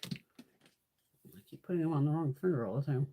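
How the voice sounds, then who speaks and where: A woman's voice: low voice, normal speed, mellow. A woman hosting a casual live makeup stream, chatting in a blunt, profane, ranting way as she swatches products. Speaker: beauty livestream host. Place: home, in Connecticut.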